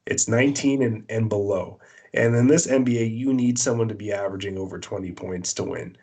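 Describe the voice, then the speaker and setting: Blunt, opinionated low-voiced man. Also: fairly quick, warm tone, husky. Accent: Canadian. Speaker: podcast co-host. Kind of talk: casual sports chat.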